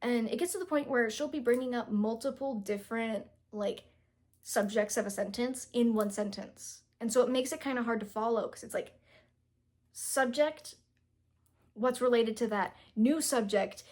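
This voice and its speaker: Young woman, slightly high voice, casual book-review chat with lots of ums and self-corrections. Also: darkish tone. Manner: chatty, self-deprecating, frequent fillers and restarts; reads passages aloud, stumbling over words.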